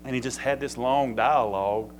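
A man's voice: medium pitch, moderate pace, slight background noise, rough recording. A man preaching a sermon as pastor, in a folksy, conversational way that builds to emphatic peaks.

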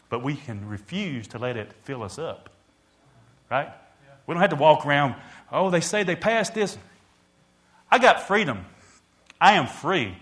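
A preacher delivering a sermon, swelling loud and dropping quiet, calling out to the congregation. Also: male voice, a little high, big pitch swings, normal speed.

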